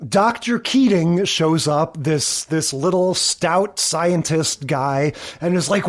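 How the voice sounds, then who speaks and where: A podcast co-host in casual chat with a mid-range voice. They recap plots with energy and jump into quick impressions of the characters. The delivery is loose and playful. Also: medium pitch. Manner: animated, acts out quoted characters.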